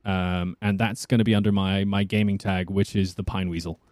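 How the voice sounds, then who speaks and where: A man voice actor chatting casually as a podcast guest, lively and quick to laugh. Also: low voice, dry recording, studio quality. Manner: chatty, laughing, restarts often.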